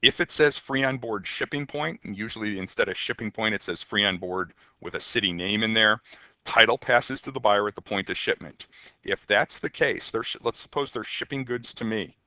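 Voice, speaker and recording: Bright-voiced man giving an accounting lecture. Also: on the low side, normal speed, no room sound. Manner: conversational, with frequent ums and rhetorical questions. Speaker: accounting instructor. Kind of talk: recorded lecture.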